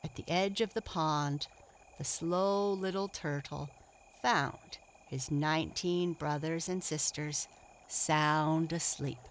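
A woman narrating a children's storybook in a gentle, measured reading. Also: low voice, steady tone, slight background noise.

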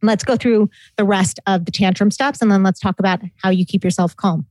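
A woman giving calm, measured parenting advice in a casual chat. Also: mid-range voice, dry recording, poor audio.

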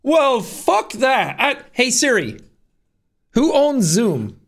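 A man's voice: very high voice, sing-song, takes it slowly. A young man co-hosting a podcast in casual chat, joking and laughing a lot. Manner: laughing, jokey, slips into silly voices. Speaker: podcast co-host.

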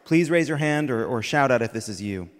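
A man hosting a comedy segment on a live stage, playful and quick, laughing between lines. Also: mid-range voice, expressive, in a large hall. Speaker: host. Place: theater stage with audience.

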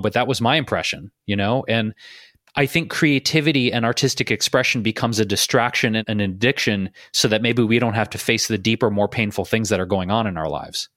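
A man's voice: on the low side, a bit bright, no echo, studio quality. A man co-hosting a podcast, talking candidly and bluntly in casual conversation, swearing freely. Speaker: podcast co-host.

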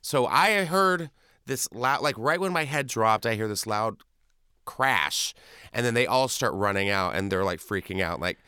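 Man guest, animated storyteller, bright, smooth voice, dry close sound. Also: lowish voice, a little slow, no echo. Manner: animated, acts out quotes and sounds. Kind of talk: casual storytelling.

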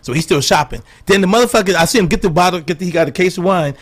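High-voiced fast-talking man telling stories. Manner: animated, profane, acts out quotes in others' voices. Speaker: comedian guest. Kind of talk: casual storytelling chat.

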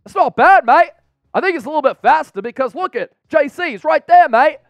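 A man's voice: very high voice, animated, fairly quick, no echo, pitched above the performer's own voice. A man putting on a clumsy Australian accent to play a jovial male footballer. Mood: cheery. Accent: put-on Australian. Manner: exaggerated and clumsy impression.

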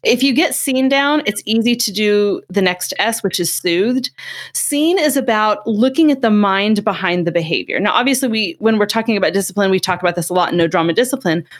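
A woman's voice: mid-range voice, fairly quick. A middle-aged woman, a parenting expert, explaining in a conversational way and acting out quotes as she tells stories. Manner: animated storytelling, acts out quotes.

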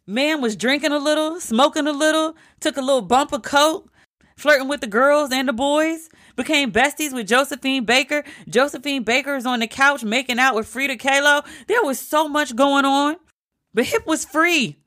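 Woman, higher pitch, casual show recap, emphatic, swears a little, chatty. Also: moderate pace, fairly bright tone. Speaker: TV show reviewer.

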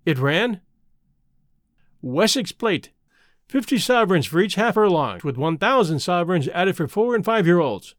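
A man narrating a story aloud in a clear storytelling manner. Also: high-pitched, very animated, normal speed, dry recording, studio quality. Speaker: audiobook narrator. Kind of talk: scripted narration.

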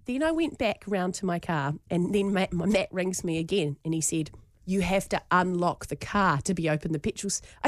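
A woman co-hosting a breakfast radio show, telling an animated story with laughter and acted-out quotes. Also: fairly low pitch, moderate pace, dry recording, clean studio sound. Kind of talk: casual chat, storytelling.

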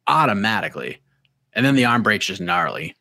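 Young guy on a fight podcast, bouncy pitch, dry close sound, playful. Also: very animated, a little fast, gravelly, bright, forceful tone, dry recording. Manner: playful, mimics people in voices. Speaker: podcast co-host. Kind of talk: casual sports chat.

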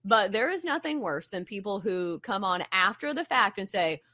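A woman's voice: medium pitch, sing-song, normal speed, sharp tone. A woman hosting a sports betting show, arguing her point with emphasis. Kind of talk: opinion commentary.

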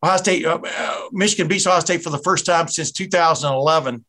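A man's voice: on the high side, fast talker, bright, forceful tone. A middle-aged man with a Southern US accent hosting a podcast, chatty and rambling, often breaking off mid-thought. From American South. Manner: rambling, chatty, self-interrupting. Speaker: podcast host. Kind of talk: casual podcast interview.

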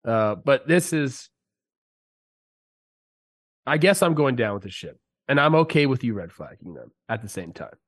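A man's voice: mid-range voice, sing-song, moderate pace, long pauses. A man who used to play pro ball, talking sports on a podcast in a heated, emphatic way while sick. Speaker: podcast co-host, former player. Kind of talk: casual sports talk. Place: podcast studio.

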